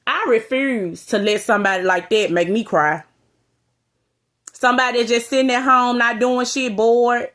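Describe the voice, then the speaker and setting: A woman's voice: a little high, fairly bright tone. Blunt, profane woman ranting to camera. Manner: blunt, profane, calls out listeners with "you hear me?". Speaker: vlogger. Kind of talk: direct-to-camera rant.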